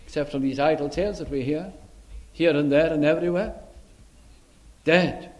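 A man's voice: on the high side, moderate pace, darkish tone, close to an everyday voice. A man preaching, voicing a sad, disappointed male disciple in an earnest, mournful first-person retelling.

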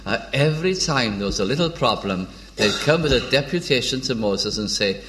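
A man's voice: medium pitch, animated, noisy background. Man preaching with frequent hesitations. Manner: unhurried, with frequent hesitations and restarts; reads old biblical verses in a measured tone. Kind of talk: informal sermon on scripture.

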